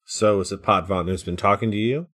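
A man's voice: fairly low pitch, a little fast, a bit bright. A man playing at a tabletop game who asks blunt, short questions. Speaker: player. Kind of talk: casual play at the table.

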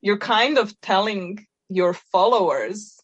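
A woman co-hosting a podcast, explaining her ideas in a relaxed, reflective way. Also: mid-range voice, slow pace, husky, dull audio. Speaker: podcast co-host. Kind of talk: casual chat.

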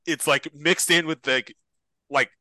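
Guy co-host on a podcast, bright edgy voice, trips over his words, dead dry mic. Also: fairly high pitch, steady tone, no room sound. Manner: halting, restarts, laughs through his points. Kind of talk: casual podcast recap chat.

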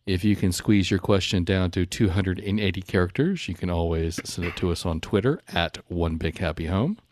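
A man's voice: sits low, moderate pace, darkish tone, a little hiss or hum. A man co-hosting a podcast, giving short replies and a friendly wrap-up at the end of the episode. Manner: brief backchannels, friendly wrap-up. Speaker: podcast co-host. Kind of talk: casual podcast chat and outro.

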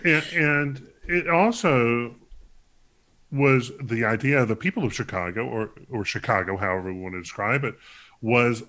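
A man co-hosting a podcast, speaking in a halting way, repeating words as he searches for his phrasing. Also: mid-range voice, sharp tone. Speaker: podcast co-host. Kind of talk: casual book discussion.

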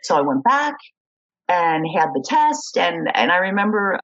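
Middle-aged woman, husky and a bit low-voiced, animated storyteller on a dull lo-fi recording. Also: measured pace. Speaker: guest, kidney donor. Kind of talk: storytelling interview.

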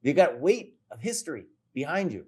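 A man co-hosting a casual podcast chat, talking in an animated, emphatic and teasing way. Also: a little high, moderate pace, slightly rough. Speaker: podcast co-host.

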